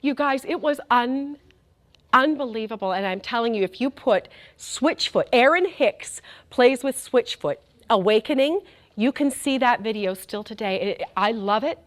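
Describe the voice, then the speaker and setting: A woman's voice: fairly high pitch, lively intonation, normal speed. A middle-aged woman giving a faith talk, telling a story with animation and speaking directly to the crowd.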